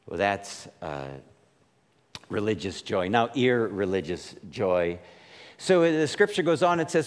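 Lively male pastor in a reverberant hall. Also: mid-range voice, measured pace. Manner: casual, questioning, frequent "right?" asides. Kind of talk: conversational sermon.

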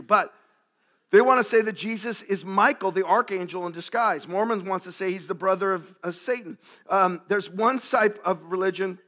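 A man preaching a sermon to a live audience, asking questions and rising to loud, emphatic peaks. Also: high-pitched. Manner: asks the crowd questions, gets loud and shouting at climaxes. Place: live event before an audience.

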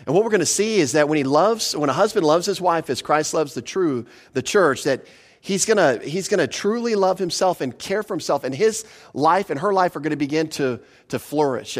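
Male pastor, slightly high voice, conversational sermon, asks the room questions and slows down on scripture. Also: animated.

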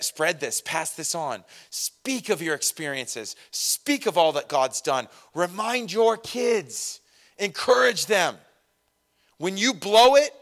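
A middle-aged man preaching a sermon to a congregation in a conversational, lively way, with self-deprecating asides about parenting. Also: fairly high pitch. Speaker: pastor.

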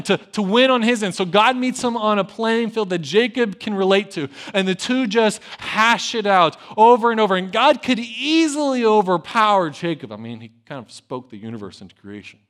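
A male pastor preaching a sermon with animated delivery, swinging between loud emphasis and hushed asides, and telling the story with conversational humor. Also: sits high, normal speed, few pauses. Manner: acts out biblical dialogue with conversational humor.

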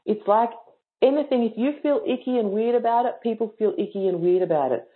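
A woman's voice: a little high, fairly quick. A woman coaching yoga teachers in a live online workshop, casual, playful and frank, teasing her listeners. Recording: tinny phone-like sound.

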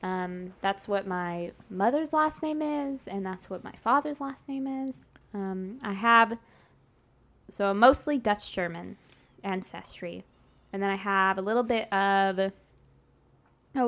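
Brief: woman co-host from Texas, mid-pitched, giggly and rambling casual chat. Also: slow pace, fairly bright tone. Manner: playful, laughs often, chatty with many fillers. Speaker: podcast co-host.

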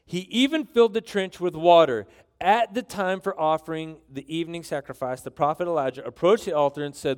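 A man preaching a sermon in an animated, joking way, reading scripture aloud between his asides. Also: a little high, a little fast. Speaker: pastor.

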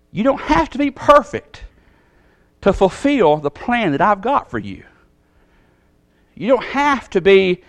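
A man preaching a sermon in a Southern American accent, folksy and animated, acting out the voices he quotes. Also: high-pitched, no echo. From Southern United States.

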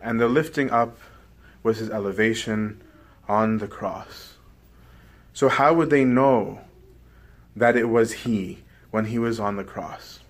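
A man's voice: on the low side, slow pace, pauses often. A man preaching a sermon, explaining scripture and checking in with his listeners by asking "right?".

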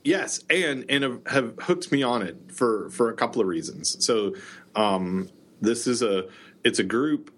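A man's voice: medium pitch, a little slow, a bit bright. A middle-aged man co-hosting a podcast, telling rambling stories in casual chat and laughing often. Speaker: podcast co-host.

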